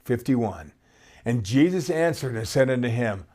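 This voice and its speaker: A man's voice: mid-range voice, animated, a little slow, mellow. A man giving conversational, storytelling Bible teaching and reading scripture aloud.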